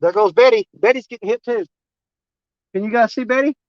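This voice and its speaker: A man's voice: extremely high pitch, a little fast, dry recording, highs cut off. A man, live-streaming from a riverbank while fishing. He rambles to his viewers in a folksy, easygoing way and is winded. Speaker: fishing vlogger. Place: outdoors at a riverbank.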